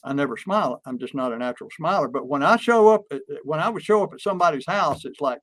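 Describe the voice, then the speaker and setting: A man coaching on business, chatting casually and acting out stories with lively energy. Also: fairly high pitch, quick pace. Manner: animated storyteller who acts out quotes. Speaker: pest control marketing coach. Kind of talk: casual podcast chat.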